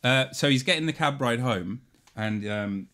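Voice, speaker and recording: A man chats loosely on a podcast, his pitch rising and falling with real animation. He rambles through stories and often breaks into laughter. When he quotes someone, he slips into a quieter voice. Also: lively intonation, normal speed. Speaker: podcast co-host. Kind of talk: casual chat, storytelling.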